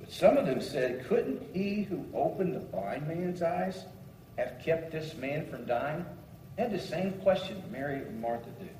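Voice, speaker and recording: A man's voice: fairly high pitch, big pitch swings, measured pace, dark tone, slight background noise. A man preaching a sermon, reading scripture aloud and commenting on it with shifting emphasis. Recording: echoey hall, voice from far off.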